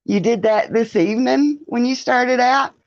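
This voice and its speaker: Hosting a relaxed live stream, a woman greets viewers by name, chats with them, and laughs a lot. Her voice is on the high side and her pace measured, captured in a dry, lo-fi recording.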